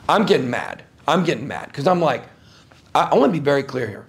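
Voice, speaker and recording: A gravelly-voiced man talks as a guest before a live audience. His pitch swings widely, jumping high when he gets worked up, as he tells a long, emphatic, rambling story. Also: expressive, brisk, slight background noise. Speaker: interview guest.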